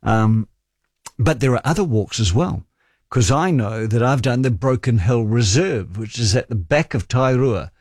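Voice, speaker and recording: A New Zealand man in his forties hosts talkback radio, talking in a relaxed, chatty way and spinning wry stories for his listeners. His voice sits at an ordinary middle pitch. It is recorded close and dry on a studio microphone, with no room sound. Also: a little slow, no echo.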